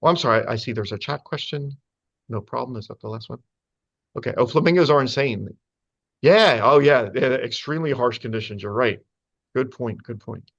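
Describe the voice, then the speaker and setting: A man's voice: mid-range voice, brisk, highs cut off. A man giving a casual, chatty lecture with slides to a group of birders, full of fillers and playful asides. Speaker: speaker giving a talk to birders.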